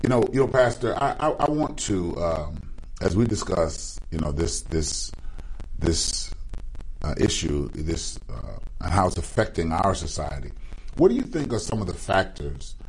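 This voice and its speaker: A man's voice: low voice, big pitch swings, moderate pace, a little hiss or hum, low-quality recording. A man hosting an interview, introducing his guest and affirming him often. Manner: affirming, with frequent "mm-hmm" and "right". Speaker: host. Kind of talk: interview host.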